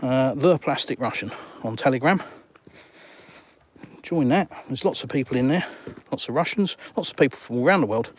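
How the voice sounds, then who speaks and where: Out on the seafront, a middle-aged man from England answers his live chat on a walk-and-talk stream, sarcastically reading comments out and hitting back without mincing words. His mid-range voice is husky and expressive, at a normal speed.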